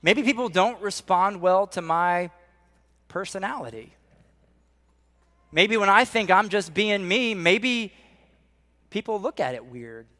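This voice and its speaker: Animated middle-aged male pastor preaching. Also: sits high, takes it slowly, long pauses. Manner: animated storytelling, drops to a soft hush for emphasis. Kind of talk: sermon.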